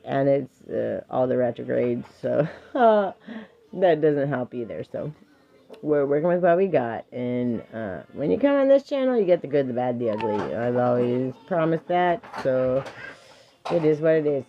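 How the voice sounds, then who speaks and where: A woman's voice: rumbling low, expressive, measured pace, gravelly, highs cut off, slight background noise. A woman streaming live, reading affirmations and firmly but patiently parenting her child in between, laughing often.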